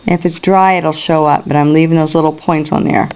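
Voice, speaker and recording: A woman's voice: low voice, fairly even intonation, a little fast, lo-fi sound. A woman teaching a painting class, talking viewers through each brush stroke and checking in with them. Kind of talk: step-by-step painting demonstration.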